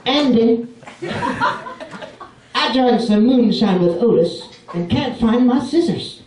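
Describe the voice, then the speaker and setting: A man doing a quick comic impression of a bumbling, tipsy small-town male barber in a stand-up set. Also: very high-pitched, lively intonation, very noisy, exaggerated voice. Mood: sheepish. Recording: roomy club, distant mic, crowd laughter.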